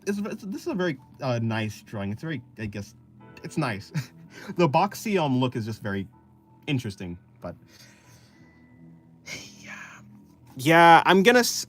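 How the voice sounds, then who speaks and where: A young man giving casual, hesitant commentary on drawings as an art streamer, rambling with many restarts. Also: a little high.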